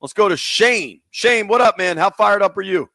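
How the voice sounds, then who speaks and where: A man's voice: high-pitched, animated, normal speed, vocal fry, pushed and bright, no echo. A man hosting sports talk radio, taking listener calls in a casual, slangy way.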